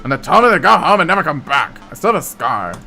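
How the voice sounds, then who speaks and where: Male gamer voicing a sardonic teen girl, deadpan and sarcastic, pitched up for a game playthrough. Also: fairly quick, soft background music. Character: sardonic teenage daughter.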